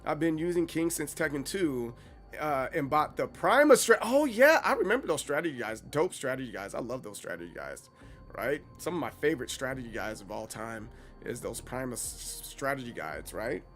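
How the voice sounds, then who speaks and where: A man in his thirties chatting casually on a gaming livestream, animated and playfully dramatic. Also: mid-range voice, normal speed, faint music behind. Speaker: streamer.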